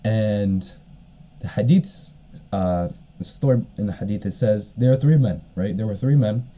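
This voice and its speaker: Low dark-voiced man rambling through a story. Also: measured pace. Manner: rambling, heavy fillers, frequent coughs. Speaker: podcast host. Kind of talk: casual storytelling monologue.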